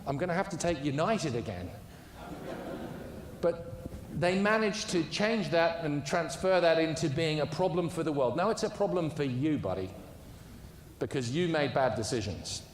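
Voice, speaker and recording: A man's voice: on the high side, animated, normal speed, a little hiss or hum. A man delivering a conference speech, telling an anecdote in an emphatic storytelling way. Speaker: conference speaker. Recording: echoey hall with long reverb.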